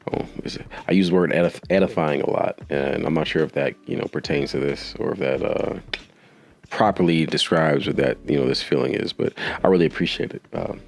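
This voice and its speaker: A man's voice: a bass voice, vocal fry, a little mellow. A man hosting his own podcast and talking casually on his own, rambling and correcting himself, with lots of filler words and small chuckles. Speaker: podcast host. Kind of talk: casual solo podcast monologue.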